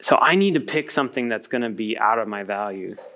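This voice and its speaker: A man's voice: lowish voice, expressive, brisk, pushed and bright. A man in his thirties speaking to an audience at a workshop, earnestly coaching the listeners.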